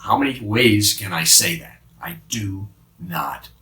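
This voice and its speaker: A man playing the apostle Peter as a remorseful fisherman, confessing haltingly in a dramatic monologue with many restarts. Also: lowish voice, sharp tone. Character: remorseful male fisherman apostle, middle-aged, haunted by guilt. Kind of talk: dramatic first-person monologue. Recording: roomy sound from a distant mic.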